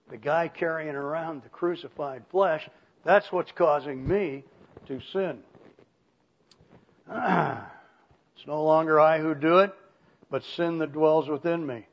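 A man delivers an expository sermon with emphasis, raising both his pitch and his volume to drive home the key points. The audio sounds dull.

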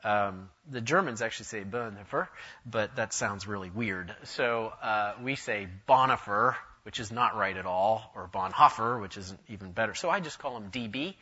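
A man delivers a conference lecture on church history with enthusiasm and dry humor, drifting into asides. His voice is bright and forceful. The recording sounds dull and lo-fi. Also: fairly low pitch, moderate pace, few pauses, husky.

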